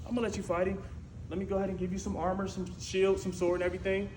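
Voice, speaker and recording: A man's voice: high-pitched, monotone, very fast, darkish tone, a little hiss or hum, lightly acted, poor audio. A preacher playing a doubting old king. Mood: approving. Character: King Saul, older doubting ruler.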